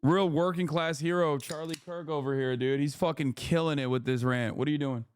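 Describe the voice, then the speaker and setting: A man's voice: fairly high pitch, fairly even intonation, fairly quick, darkish tone, smooth. A man hosting a stream, reacting to clips with sarcastic, profane political commentary. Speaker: streamer host.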